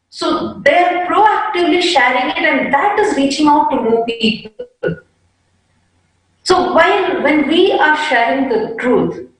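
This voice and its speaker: Brief: woman panelist, measured devotional talk, high pitch, lots of room echo. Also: recorded from a distance.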